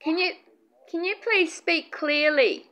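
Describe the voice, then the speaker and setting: A woman investigating paranormal activity, talking softly to spirits in a hushed, breathless way. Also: very high voice, slow pace. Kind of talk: ghost-hunting vlog narration.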